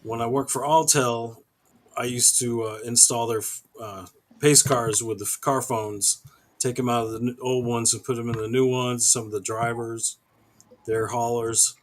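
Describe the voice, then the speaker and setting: A man guest on a live stream, rambling casually with many pauses and restarts. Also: medium pitch, fairly even intonation. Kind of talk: casual chat.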